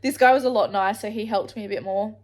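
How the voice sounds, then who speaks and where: A fast-talking Australian woman with a medium pitch and fairly even intonation is vlogging to camera. Her travel story rambles, full of free swearing and mid-sentence restarts.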